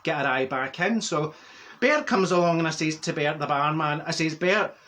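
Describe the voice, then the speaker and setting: A man's voice: fairly high pitch, normal speed, fairly bright tone, close to an everyday voice. A man playing a chatty older woman from Glasgow with a Glaswegian Scottish accent, telling a rambling comic story and laughing at his own jokes. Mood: gossipy. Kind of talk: comic character monologue.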